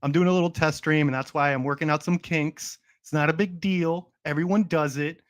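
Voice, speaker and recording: A man's voice: a little high, steady tone, a little fast. A young man hosting a casual livestream who jokes around in a playful, mock-boastful way and talks straight to his chat. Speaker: livestream host.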